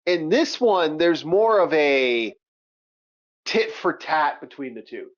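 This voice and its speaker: A man co-hosting a casual chat, talking excitably in long rambling runs with lots of restarts and swearing. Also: fairly high pitch, slow. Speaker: podcast co-host. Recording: muffled lo-fi audio.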